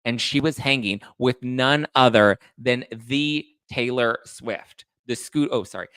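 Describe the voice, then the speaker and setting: A man hosting a casual celebrity gossip show, talking in a campy, shade-throwing way with quick asides. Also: medium pitch, fairly bright tone, clean tone, dry recording, studio quality. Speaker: podcast host.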